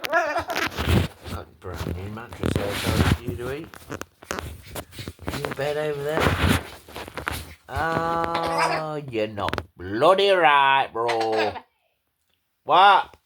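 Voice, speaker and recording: Holding a phone camera close, a pet owner vlogger talks to his bird indoors at home, teasing it, scolding it and swearing casually. His voice is a little high and very animated, yet he speaks extremely slowly with long pauses, and the clip is very noisy.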